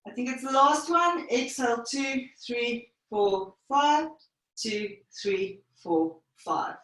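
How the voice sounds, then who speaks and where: A woman pilates instructor leads a live online class, counting reps and calling breaths in short, unhurried phrases. Her voice sits a bit high and she sounds a little winded. She is heard from across a strongly echoing room. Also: animated, a bit bright. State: slightly out of breath. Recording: very echoey room, voice far from mic.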